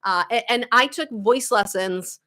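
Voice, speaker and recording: A woman's voice: on the high side, unhurried, sharp tone. A woman with a light Boston accent, a guitar teacher chatting casually with viewers in a live-stream Q&A, laughing often. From Boston area, USA.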